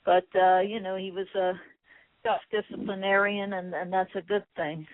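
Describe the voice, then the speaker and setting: A middle-aged Irish woman, a former boxer, answering interview questions in a soft-spoken, hesitant way with many fillers. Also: mid-range voice, flat delivery, normal speed, no echo. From Ireland. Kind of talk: phone interview. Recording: tinny phone line.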